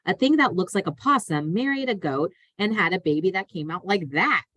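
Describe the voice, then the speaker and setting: A woman reading aloud voices a blunt, gloomy young girl who speaks flatly and matter-of-factly. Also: lowish voice, brisk, no echo, lo-fi sound. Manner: flat, blunt and matter-of-fact.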